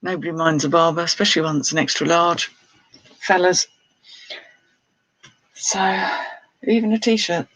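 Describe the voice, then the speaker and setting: A woman's voice: on the low side, steady tone, a little slow, pauses often, fairly bright tone, no room sound, rough recording. A woman who resells clothes, chatting casually on a live stream, laughing often and reading out viewer comments. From United Kingdom. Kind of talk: casual live-stream chat while showing items.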